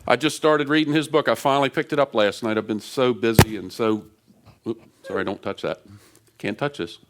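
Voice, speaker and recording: Male guest preacher, casual and excitable, talks loosely into a stage mic in a church. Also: medium pitch, brisk, background noise. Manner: animated and chatty, laughs often. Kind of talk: lively conversational sermon. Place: church sanctuary. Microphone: stage microphone.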